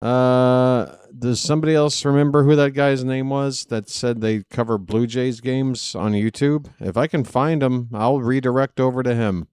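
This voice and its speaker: A man's voice: medium pitch, fairly even intonation, moderate pace, few pauses, a little mellow, smooth, no room sound, studio quality. A man hosting a live baseball stream, chatting casually with viewers and joking in asides.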